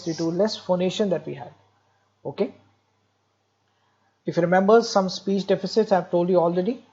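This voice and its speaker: A man's voice: high-pitched, creaky, a little mellow, muffled recording. A man giving a medical lecture, explaining step by step, repeating key terms and speaking directly to students with light jokes. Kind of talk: recorded exam-prep lecture.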